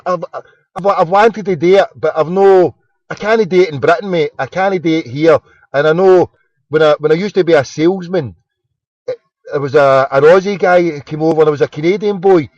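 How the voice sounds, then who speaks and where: A man's voice: fairly high pitch, darkish tone, dry recording, dull audio. A Scottish man hosting a late-night phone-in, rambling in casual chat with lots of stammered restarts. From Scotland. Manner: rambling, stammering restarts, says mate a lot. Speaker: host of a phone-in.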